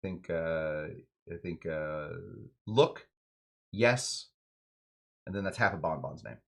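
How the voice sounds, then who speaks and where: A man's voice: low-pitched, slow pace. A man hosting a home cocktail show, chatting casually and joking around while he mixes a drink. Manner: playful, jokey, rambling asides.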